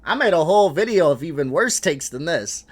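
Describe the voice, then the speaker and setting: A man hosting a reaction video, talking in a frustrated, animated way, swearing and laughing between points. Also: fairly high pitch, fairly quick. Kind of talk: casual reaction commentary.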